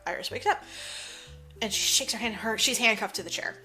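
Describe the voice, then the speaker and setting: A woman's voice: mid-range voice, fairly quick, sharp tone, soft background music. A woman co-hosting a podcast, casually recapping a movie plot, swearing freely and acting out the characters' lines. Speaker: podcast co-host.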